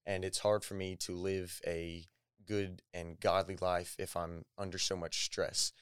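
A man's voice: low-pitched, little pitch movement, unhurried, fairly bright tone, clean tone, dry recording, clean studio sound. A young man, a podcast guest, giving shy, hesitant, short answers in a casual interview.

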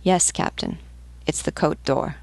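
A woman's voice: deep voice, big pitch swings, a little slow, vocal fry, a little mellow, no echo, exaggerated voice. A woman voicing a knowledgeable male ship's pilot who lists facts plainly. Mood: factual.

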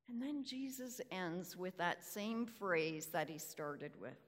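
A woman preacher giving a sermon, deliberate and full of rhetorical questions. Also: medium pitch, sing-song. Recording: reverberant hall.

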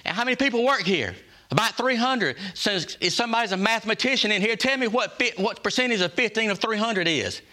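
A man rallies his staff like a preacher, circling back to the same phrases and firing questions at the room. His voice sits high for a man and rings bright and forceful. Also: animated, fairly quick. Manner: folksy, emphatic, repeats phrases and asks the room questions. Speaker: workplace leader giving a culture talk. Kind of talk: preacher-like motivational talk to staff.

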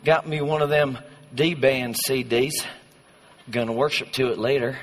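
A man's voice: on the high side, a little slow, fairly bright tone, voice pushed down. A man voicing a lukewarm young churchgoer who brags in a folksy drawl and stumbles over his excuses. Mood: boastful. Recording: long hall reverb.

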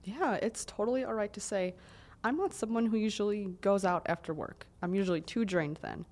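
A woman's voice: mid-range voice, brisk, a little mellow. A woman co-hosting an advice podcast who gives practical, reassuring advice in a casual way.

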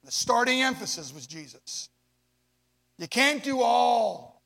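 A man preaching a sermon to young adults, swinging from hushed asides to loud, drawn-out emphasis. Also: high-pitched. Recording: long hall reverb.

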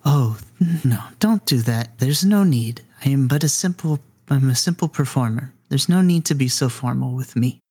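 A man's voice: medium pitch, moderate pace, few pauses, mellow, husky. A man doing a humble geisha woman. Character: gentle young female geisha performer, humble.

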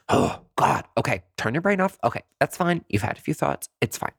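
A man talking casually to his listeners, acting out his own thoughts in quick jumps to high, dramatic voices. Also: big pitch swings, a bit bright, dry recording, studio quality. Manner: swears freely, says "girl" and "honey". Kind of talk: casual monologue.

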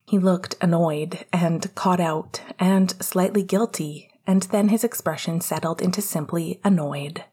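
A woman narrating fan fiction in a steady, hushed way. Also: lowish voice, a little slow, few pauses, breathy edge.

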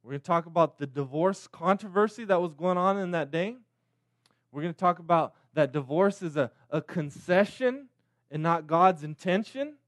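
A man in his thirties preaching a sermon as a pastor, with a halting delivery, frequent restarts, repeated words and tag questions. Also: a little high, dry recording, clean studio sound.

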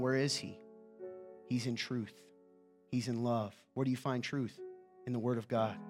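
A man preaching a conversational sermon as a pastor, joking and often asking his listeners "right?". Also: mid-range voice.

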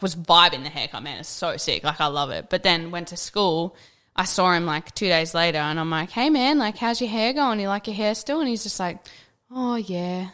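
Animated young woman telling stories. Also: on the low side. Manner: earnest, animated storyteller, acts out quotes, swears casually. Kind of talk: casual chat.

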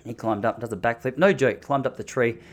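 A man's voice: medium pitch, a little fast. A man in his thirties telling a story casually and with animation. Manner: animated, mimics the people in his stories. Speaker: vlogger.

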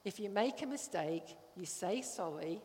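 A woman's voice: fairly low pitch, lively intonation, a little slow, dark tone. Woman preaching in a reverberant hall. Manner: conversational, checks in with the congregation. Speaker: church speaker. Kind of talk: sermon.

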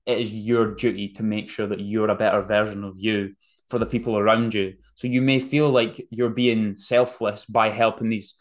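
A man hosting a podcast, telling a story in a casual, rambling monologue and correcting himself as he goes. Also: lowish voice. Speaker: podcast host.

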